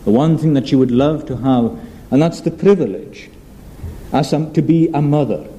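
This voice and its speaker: A male pastor preaching a sermon in an earnest, measured way, slowing down on emphatic phrases. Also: a little high, lively intonation, warm tone, rough recording.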